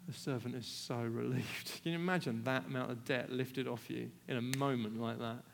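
A man preaching a storytelling sermon in an animated, conversational way, with self-deprecating asides. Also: mid-range voice, normal speed, creaky, few pauses. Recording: long hall reverb.

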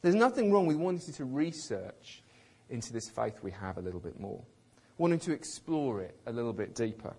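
A man preaching a sermon in a conversational, emphatic way, with a slightly husky voice, acting out quotes with light humour. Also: medium pitch, very animated, moderate pace, mellow.

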